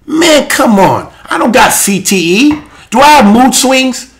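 A high-pitched man preaching on a live show, his voice leaping up and down in wide swings. He reads scripture and comments with fervent intensity, often rising to a shout. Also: sing-song, a little slow. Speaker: host and preacher. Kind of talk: impassioned live-show preaching and Bible reading.

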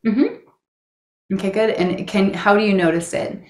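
A woman coaching a guided tapping session in a calm, steady voice of middling pitch. She feeds short affirmations for her client to repeat. The sound is roomy and echoey. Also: moderate pace. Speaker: EFT practitioner.

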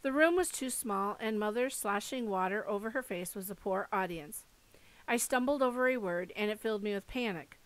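Woman, audiobook narrator, expressive delivery, middle pitch. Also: normal speed, no echo, poor audio. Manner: expressive reading with acted dialogue. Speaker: audiobook reader. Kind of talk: first-person book narration.

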